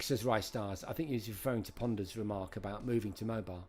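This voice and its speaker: A man's voice: fairly low pitch, fairly even intonation, fast talker, a little mellow, soft background music. A middle-aged man hosting a live-streamed retro quiz, chatting and greeting viewers by name as he reads out questions. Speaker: host.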